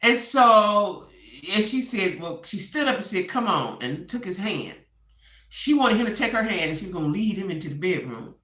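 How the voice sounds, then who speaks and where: Animated woman dishing gossip in an echoey room. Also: medium pitch, moderate pace. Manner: animated storytelling, acts out quotes. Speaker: gossip commentator. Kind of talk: casual commentary.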